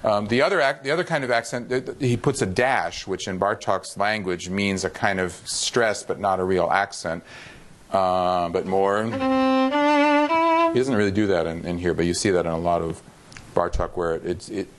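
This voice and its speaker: Brief: man, very low voice, violinist thinking aloud in rehearsal, many restarts. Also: steady tone, faint music behind. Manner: halting, searching for words, many restarts. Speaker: violinist coaching a duo. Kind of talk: casual rehearsal discussion.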